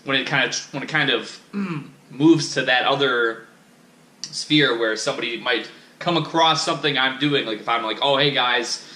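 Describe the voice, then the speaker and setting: A man's voice: mid-range voice, moderate pace, sharp tone, echoey room. A man vlogging in a casual, rambling monologue, profane and self-critical, with many restarts.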